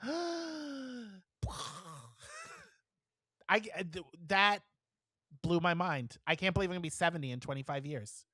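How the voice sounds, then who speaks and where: Podcast co-host, male, 40s, lively storyteller, dry close sound. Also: on the high side, brisk, dry recording. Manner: animated storyteller, swears, laughs mid-sentence. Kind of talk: casual chat.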